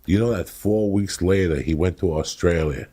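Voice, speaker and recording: A middle-aged man from New Jersey, a comedian host telling loud, crude, rambling stories in casual chat. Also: low voice, moderate pace. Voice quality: gravelly. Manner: loud, rambling and crude, breaking into acted quotes. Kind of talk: profane storytelling chat.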